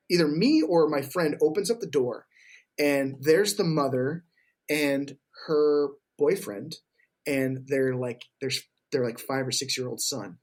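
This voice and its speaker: A man telling stories in casual podcast chat, profane and animated, acting out what others said. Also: medium pitch. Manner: profane, animated storyteller, acts out quotes. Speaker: podcast guest.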